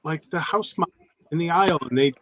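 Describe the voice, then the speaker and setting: A man's voice: fairly high pitch, brisk, fairly bright tone, dry recording. A middle-aged man in a casual chat, telling wry, self-deprecating stories about his son. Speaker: guest.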